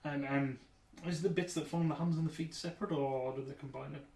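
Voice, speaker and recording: A man's voice: fairly high pitch, steady tone, a little fast, a little mellow, recorded from a distance. A man co-hosting a podcast, chatting casually with laughing, swearing banter. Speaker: podcast co-host. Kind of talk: casual chat. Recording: echoey room with faint noise.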